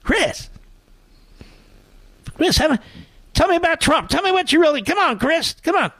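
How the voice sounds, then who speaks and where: A man's voice: very high-pitched, sing-song, moderate pace, bright, forceful tone, no echo, voice pushed up, heavily acted. A man voicing a needling male TV anchor who eggs someone on with taunting repetition. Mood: goading.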